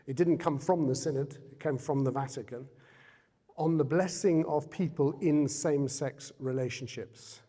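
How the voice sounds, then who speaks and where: A man's voice: fairly high pitch, moderate pace, warm tone. A man giving a public talk as a guest speaker in a Jesuit centre hall, speaking conversationally and asking the audience questions. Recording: reverberant hall.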